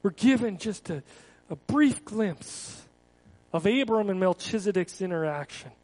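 A man's voice: sits high, lively intonation, unhurried, darkish tone, poor audio. A male pastor giving a conversational sermon, casual and repeating words, often asking the congregation questions.

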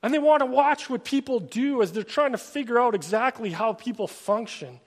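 A man preaching a sermon in an earnest way, often stammering and restarting his phrases, and at times dropping to a soft, quiet voice. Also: extremely high pitch, moderate pace. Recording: long hall reverb.

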